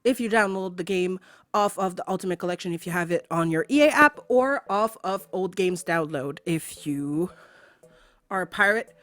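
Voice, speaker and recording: A woman's voice: lowish voice, expressive, moderate pace, a bit bright, no echo. A woman streaming from home, ranting angrily to her chat with swearing and sarcasm, repeating her points for emphasis. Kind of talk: angry rant to a live stream chat.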